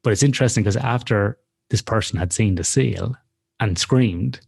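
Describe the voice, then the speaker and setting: A man's voice: on the low side, normal speed, gravelly, darkish tone, slightly rough. A man telling a story in casual podcast chat, swearing freely and talking animatedly. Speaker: podcast co-host.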